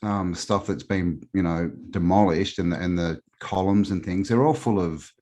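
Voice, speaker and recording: Deep-voiced Australian man, rambling. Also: normal speed, warm tone. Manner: rambling, hesitant with many fillers. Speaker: guest. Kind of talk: casual live-stream chat.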